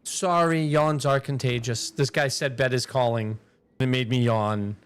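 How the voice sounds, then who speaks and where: A man's voice: mid-range voice, fairly even intonation, a little slow, clean tone. A man streaming a game, chatting casually and thinking aloud as he plays, rambling between talking to himself and to his chat.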